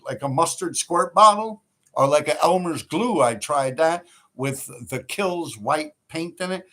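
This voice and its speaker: A man's voice: fairly high pitch, lively intonation, unhurried, fairly bright tone. A man who tells stories in a rambling, profane way on a livestream he hosts, laughing often. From New York City. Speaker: livestream host. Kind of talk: casual storytelling.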